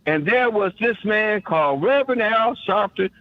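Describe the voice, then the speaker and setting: A fervent male caller with a high voice who preaches more than he talks, stuttering over repeated words as he builds his point. His voice is bone-dry and close, but it has a dull, lo-fi sound, as if it came through a narrow line. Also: lively intonation, normal speed, no echo. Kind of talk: impassioned call-in monologue.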